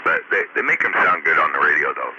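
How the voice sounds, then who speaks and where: A man's voice: rumbling low, fast talker, sharp tone. A man, a ham radio operator, chatting in an easygoing, folksy way. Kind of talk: casual radio chat. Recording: muffled radio with static.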